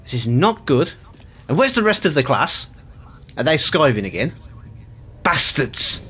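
A gruff goblin teacher barks orders at his class in a broad Cockney accent, a man putting him on. He scolds and nags, his pitch a touch high and swinging widely from line to line. It sounds like an improvised game-stream bit. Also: sing-song, a little slow, bright, forceful tone, faint music behind, heavily acted. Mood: scolding. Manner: scolding, bossy. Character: gruff male goblin schoolteacher, bossy and grumpy.

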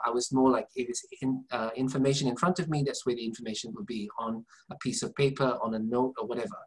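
A man's voice: medium pitch, breathy edge, low-quality recording. Man, interview guest, earnest, meandering, restarts often. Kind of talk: conversational storytelling. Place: Southampton, UK.

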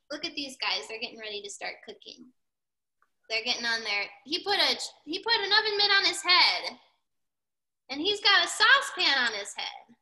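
An animated woman reads a storybook to children over a video call and keeps asking them questions. Her voice is high, very bright and swoops around a lot, like a teacher keeping young listeners engaged. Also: poor audio. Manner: animated, asks kids questions. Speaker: children's cooking class teacher. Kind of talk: storybook read-aloud to kids.

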